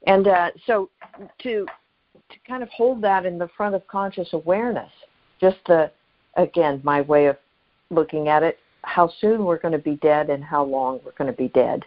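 A woman's voice: fairly low pitch, normal speed. A woman talking in a reflective, musing way on a call-in radio show, laughing often. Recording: dull lo-fi radio sound.

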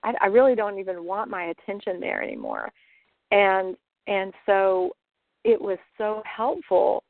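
A woman talking reflectively in a casual conversation, halting and restarting, with light laughs. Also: medium pitch, sing-song, creaky, dry recording. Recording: tinny phone line.

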